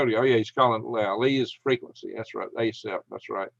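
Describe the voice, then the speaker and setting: A middle-aged man with a gravelly, creaky, mid-range voice hosts a casual home livestream, reading viewer comments and answering with folksy chuckles. He talks a little fast with few pauses, and the dry, slightly dull sound suggests a lo-fi home mic with no echo.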